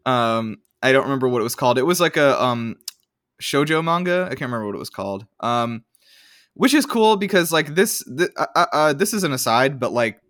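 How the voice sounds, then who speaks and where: A man's voice: mid-range voice, animated, brisk, fairly bright tone, dry recording. Casual rambling man, dry close sound. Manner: rambling, filler-heavy, swears casually. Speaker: podcast co-host. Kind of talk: casual chat.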